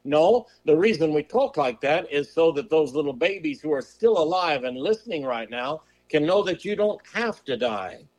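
A male preacher giving a sermon, firing off rhetorical questions in a folksy way of talking and slowing to a drawl on scripture. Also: fairly high pitch, expressive, a little mellow. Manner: slows and drawls on scripture quotes; folksy turns of phrase.

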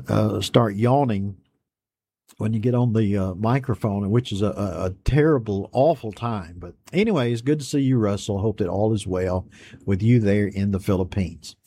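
Mellow-voiced guy hosting a bible show, reads out folks' greetings and chats back, easygoing and folksy. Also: on the low side, slightly rough. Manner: folksy and unhurried, reads messages aloud then chats back. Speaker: host of an online Bible study program. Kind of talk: casual chat reading out viewer greetings.

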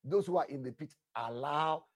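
A man preaching an emphatic, animated sermon, praying in tongues, repeating phrases and calling listeners "sir". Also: fairly high pitch, normal speed, dry recording.

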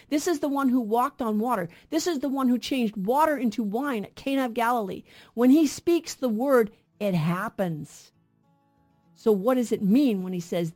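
A woman co-hosting a Bible show on the radio. She teaches with earnest emphasis, often posing questions to her listeners. Her voice sits a little high. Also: a little mellow. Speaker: radio Bible program co-host. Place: radio studio.

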